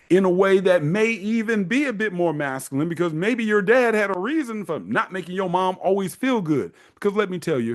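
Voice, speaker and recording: A man hosting a casual advice monologue, talking in an animated way and mocking the people he quotes. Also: high-pitched. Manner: animated, acts out quoted parents in mocking voices. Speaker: host giving men's advice.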